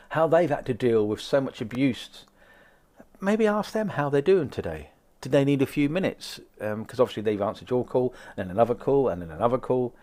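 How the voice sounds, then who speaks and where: A man's voice: mid-range voice, a little mellow. A man doing a live tarot card reading, chatting upbeat with viewers and acting out little conversations. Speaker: psychic card reader.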